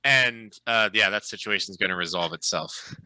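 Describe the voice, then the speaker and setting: A man narrating as game master in a relaxed, chatty way, with lots of fillers. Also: on the low side, moderate pace, clean tone, no echo, poor audio.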